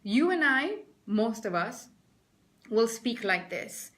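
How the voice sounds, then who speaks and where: This is a middle-aged woman, Malaysian-accented, speaking at medium pitch and a moderate pace. As a presentation skills trainer, she runs a lively webinar and stops to greet viewers by name.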